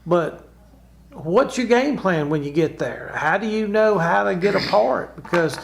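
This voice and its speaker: A man's voice: high-pitched, lively intonation, a little slow, vocal fry. A man hosting a radio talk show, asking a guest questions in a conversational way. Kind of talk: interviewing a guest.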